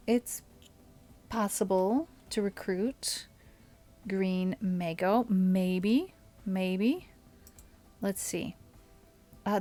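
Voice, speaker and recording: Woman streamer, unhurried game commentary, mutters under her breath between remarks. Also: mid-range voice. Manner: thinks aloud, often drops to a soft mutter. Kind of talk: casual gameplay commentary.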